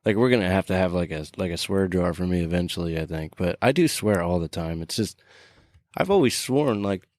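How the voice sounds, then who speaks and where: Man, thirties, low voice, rambling casual storyteller, dry close sound. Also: animated, a little fast, darkish tone, no echo. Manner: rambling storyteller, frequent filler words and casual swearing. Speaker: podcast co-host. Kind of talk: casual chat.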